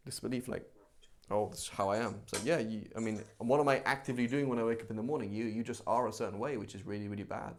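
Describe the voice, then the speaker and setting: A man teaching a live religious class in a conversational, animated way, acting out everyday examples. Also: mid-range voice, rapid-fire, few pauses, slight background noise. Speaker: Islamic teacher.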